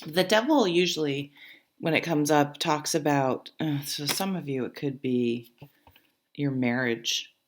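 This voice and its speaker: A woman's voice: deep voice, unhurried. A woman with a stuffy nose from a cold, giving a casual tarot reading and thinking aloud as she goes, with many fillers. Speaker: tarot reader.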